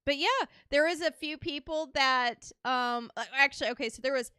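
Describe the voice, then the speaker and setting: A woman's voice: high voice, normal speed, no room sound, clean studio sound. A young adult woman hosting a podcast, chatting casually and acting out the people in her stories. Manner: animated storyteller, acts out quotes. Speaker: podcast host. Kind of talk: casual chat.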